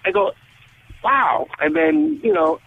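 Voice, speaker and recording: Gravelly man on a tinny phone line. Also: a little high, moderate pace, a little hiss or hum. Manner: animated, acts out quoted conversations. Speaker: guest guitarist. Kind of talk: phone interview storytelling.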